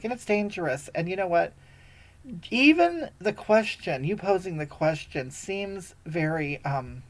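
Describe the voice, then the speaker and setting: A performer voicing a sanctimonious, self-righteous woman who hosts a livestream and lectures her viewers, sighing heavily between scoldings. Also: medium pitch. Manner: preachy, lecturing, scolding, with heavy sighs. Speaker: livestream host answering viewer comments. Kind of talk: satirical character livestream.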